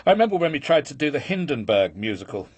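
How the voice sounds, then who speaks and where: A sardonic, wordy writer. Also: male voice, fairly high pitch, sing-song, fast, darkish tone, husky. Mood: wry. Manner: dry, pompous, sarcastic wordy delivery. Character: sardonic middle-aged male writer Ed. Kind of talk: radio comedy acting.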